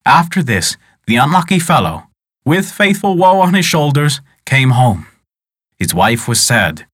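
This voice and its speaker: Expressive male folk-tale narrator. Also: medium pitch, husky, no room sound, studio quality. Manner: expressive, dramatic. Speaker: storyteller.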